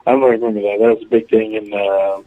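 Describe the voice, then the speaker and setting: A man's voice: lowish voice, flat delivery, fast talker. A male caller from Oklahoma chatting casually and rambling, with lots of fillers, over a phone line. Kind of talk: casual call-in chat.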